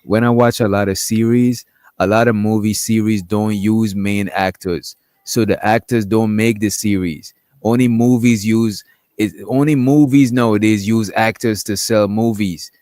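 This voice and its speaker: A man co-hosting a podcast in casual chat, ranting in a profane, animated way and calling people bro. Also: on the low side, unhurried, dry recording, clean studio sound. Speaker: podcast co-host.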